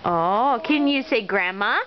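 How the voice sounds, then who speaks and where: A mother coaxing her toddler in high, sing-song baby talk and praising every try, filmed in a car. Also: expressive, measured pace, a crowd in the background. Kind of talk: home video talking to a toddler. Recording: dull lo-fi home video.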